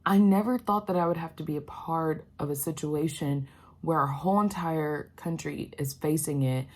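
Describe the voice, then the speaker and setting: A woman's voice: deep voice, moderate pace. A young woman talks candidly to her vlog viewers about her healthcare job, with lots of "um" and "like". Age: young adult. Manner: candid, emotional, many fillers like "um" and "like". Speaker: healthcare worker vlogger. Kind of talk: casual vlog talk to camera.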